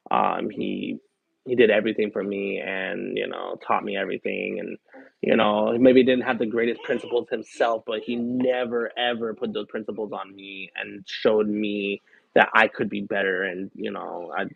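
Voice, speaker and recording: A man's voice: on the low side, normal speed, vocal fry, husky, no room sound. A man live streamer chatting casually, telling a personal story in a rambling, candid way with lots of fillers. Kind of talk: casual chat. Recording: tinny phone-like dry sound.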